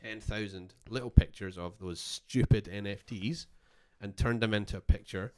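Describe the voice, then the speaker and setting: A man co-hosting a casual podcast, his voice sitting a little low. He rambles, cuts himself off and laughs along the way, like an easy chat over a beer. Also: moderate pace, warm tone, clear, resonant tone. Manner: rambling, self-interrupting, laughs often. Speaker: podcast co-host. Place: garage.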